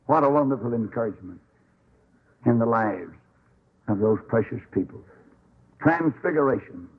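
A man preaching a sermon, telling stories in an animated, folksy way and acting out the quotes. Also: medium pitch, normal speed, husky, phone-quality sound.

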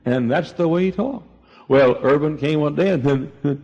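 An older man preaching a sermon, telling folksy stories and swinging between quiet asides and loud, high exclamations. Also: moderate pace, vocal fry, dull audio. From East Texas. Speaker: pastor.

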